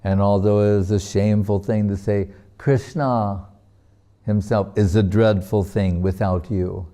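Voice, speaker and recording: A man giving a devotional class as a spiritual teacher, telling a story gently and unhurriedly and breaking into soft laughs now and then. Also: on the low side, steady tone, unhurried.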